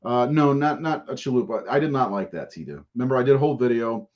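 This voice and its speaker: A man's voice: mid-range voice, animated, fast talker. A man hosting a podcast in casual live-stream chat, rambling and profane and laughing often. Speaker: podcast host. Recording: dull lo-fi audio.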